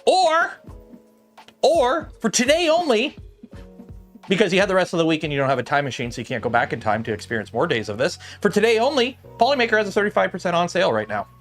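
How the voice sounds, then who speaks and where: A man with a slightly raised speaking pitch hosts a casual livestream from his workbench and drifts between topics. He talks in a loose, rambling way full of "like" and "uh", and faint music plays underneath. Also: very animated, rapid-fire, hardly any pauses, fairly bright tone. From Canada. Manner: rambling, chatty, filler-heavy. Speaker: livestream host.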